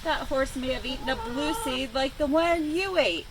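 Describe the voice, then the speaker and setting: A woman voicing a calm, knowing female cow in a read-aloud storybook, slow and matter-of-fact. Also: high-pitched, distant mic, background noise.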